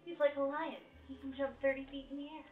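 A woman's voice: high voice, little pitch movement, fast. A woman in the room with a streamer chats playfully and asks him questions. Her voice comes through thin and tinny, like a phone line, with a faint hiss behind it. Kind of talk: casual chat.

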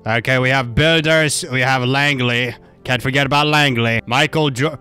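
A man's voice: mid-range voice, normal speed, pushed and bright, clean tone, faint music behind. A man doing joking, profane gameplay commentary, rambling and goofy as he plays. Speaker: gaming YouTuber.

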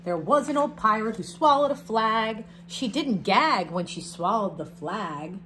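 A woman reads a rhyming picture book aloud to her class with an expressive voice. She breaks off now and then for friendly asides that explain words and point at pictures. Her voice sits in a middle range for a woman. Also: medium pitch, measured pace, a little hiss or hum.

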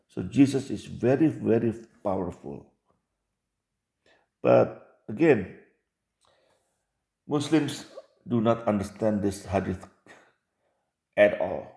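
A man's voice: on the low side, slow, vocal fry, pauses often, warm tone, roomy sound. A man reading religious texts aloud and commenting on them, with emphatic repeats and rhetorical questions.

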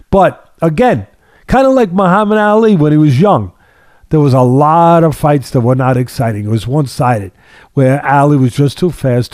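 A man's voice: fairly high pitch, mellow, no room sound, studio quality. A man hosting a casual sports talk podcast as a boxing analyst. He talks emphatically, repeating phrases for stress, with a sardonic edge and long analogies.

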